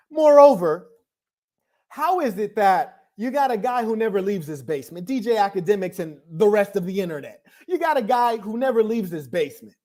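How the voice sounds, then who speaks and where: A man's voice: sits high, darkish tone. A man hosting a reaction podcast, boasting and mocking a rival in commentary. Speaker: podcast host.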